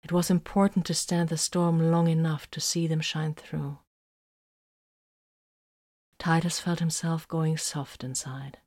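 A woman narrating an audiobook in a steady, even storytelling manner. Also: low voice, a little slow, long pauses.

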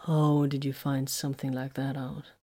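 Woman voicing a calm male war commander. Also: very deep voice. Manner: quiet, measured, dry. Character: deep-voiced calm male space marine commander.

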